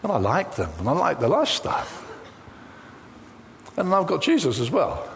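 A man's voice: fairly high pitch, huge pitch swings, moderate pace, vocal fry, slight background noise. A man preaching a sermon, telling a personal story full of quoted dialogue. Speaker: pastor.

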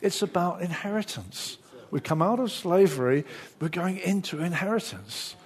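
Husky-voiced man preaching a sermon. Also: high-pitched, moderate pace. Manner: lively preaching, acts out inner voices.

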